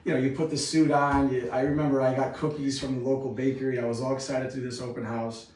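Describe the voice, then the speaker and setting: Casting note: quick, animated male agent recounting an anecdote, distant mic in a boomy room. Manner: animated, acts out scenes. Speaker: real estate agent. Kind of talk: casual storytelling. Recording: echoey room from far off.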